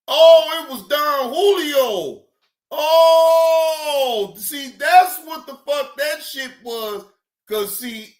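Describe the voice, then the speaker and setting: Loud cursing man, echoey room. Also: very high voice. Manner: shouting, cursing, mimicking chat. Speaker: streamer reacting to clips. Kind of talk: loud profane livestream rant.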